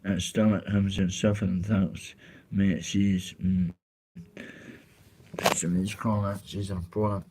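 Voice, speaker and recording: A man's voice: deep voice, little pitch movement, a little slow, pauses often, background noise. A Scottish man chatting casually on a live stream, reading out chat messages in a blunt, candid way with plenty of swearing and heartfelt asides.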